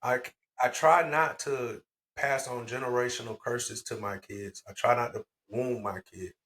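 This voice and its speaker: A man co-hosting a podcast in casual chat, blunt and profane, telling animated stories. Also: mid-range voice, normal speed. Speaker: podcast co-host.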